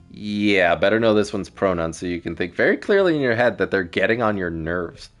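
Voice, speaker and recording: A man's voice: low-pitched, animated, a little fast, few pauses, soft background music. A man streaming a game, chatting casually in a self-deprecating way.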